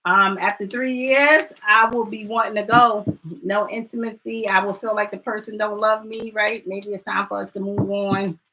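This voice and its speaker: A woman's voice: medium pitch, steady tone, moderate pace, pushed and bright, a little hiss or hum, rough recording. A woman giving a card reading on a live stream, talking straight to viewers and reassuring them in casual chat.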